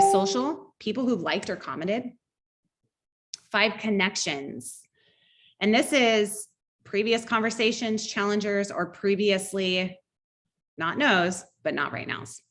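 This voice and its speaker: A woman's voice: lowish voice, a bit bright. A middle-aged woman coaching a sales team in an online training, upbeat and conversational, teaching through personal stories.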